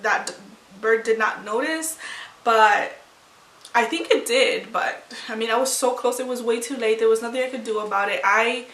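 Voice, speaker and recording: Bright-voiced young woman vlogger, echoey room. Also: on the high side, normal speed. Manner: rambling, emotional retelling with many restarts. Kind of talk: casual storytelling to camera. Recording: echoey room, far from mic.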